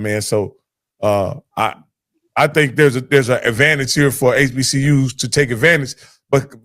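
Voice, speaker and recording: A man's voice: mid-range voice, fairly bright tone. A man hosting a sports talk show, rambling and restarting his sentences as he thinks aloud. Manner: rambling, halting, many restarts.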